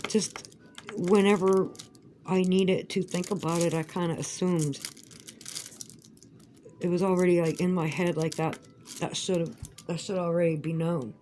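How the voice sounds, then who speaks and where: Low-pitched woman vlogger, chatty and rambling, swears a lot; faint crinkling behind. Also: darkish tone, slight background noise, poor audio. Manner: rambling, profane, emphatic. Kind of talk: casual crafting chat.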